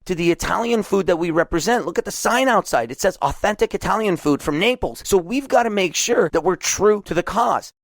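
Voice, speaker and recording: A man's voice: a little high, sing-song, quick pace, few pauses, no echo. A man acting out a proud, stubborn male chef who protests changes to his recipes, in a business talk. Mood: indignant. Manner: indignant, exasperated protesting.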